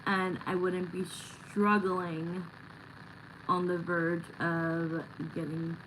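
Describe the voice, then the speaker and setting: A woman's voice: on the low side, level tone, extremely slow, fairly bright tone, a little hiss or hum, low-quality recording. A middle-aged woman hosting a live tarot stream, chatting casually and bluntly with viewers and swearing now and then.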